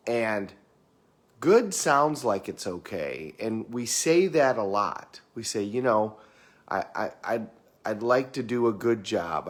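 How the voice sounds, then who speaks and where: Middle-aged guy doing a motivational talk, chatty, stumbles and repeats himself a lot. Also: fairly low pitch. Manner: conversational, repeats words, acts out quoted clients. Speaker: motivational speaker.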